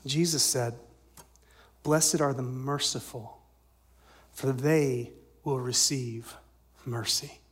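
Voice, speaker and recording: A male pastor giving a sermon, swinging from loud emphatic lines to soft near-whispers and asking the congregation questions. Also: mid-range voice, steady tone, takes it slowly, long pauses. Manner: asks the congregation rhetorical questions.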